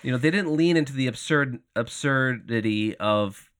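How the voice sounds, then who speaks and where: A man co-hosting a casual film review podcast, halting and repeating words as he works out his point. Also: medium pitch, a bit bright, smooth. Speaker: podcast co-host.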